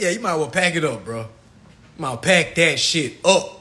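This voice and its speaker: A man on a casual livestream rant, slangy and animated, swinging from low mutters to shouts and laughing at his own jokes. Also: moderate pace. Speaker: livestream host.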